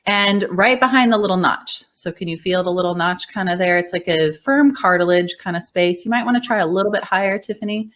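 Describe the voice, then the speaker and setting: A woman's voice: mid-range voice, brisk, hardly any pauses, a bit bright. A woman voice coach and speech-language pathologist, explaining in a conversational interview with an encouraging, upbeat manner and frequent laughter.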